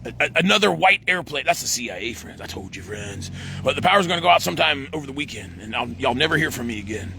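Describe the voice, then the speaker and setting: A man's voice: mid-range voice, quick pace, creaky, slight background noise. A middle-aged man, rambling to a phone camera outdoors and saying "friends" over and over. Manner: says "friends" in nearly every line, rambling and excitable. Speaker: vlogger.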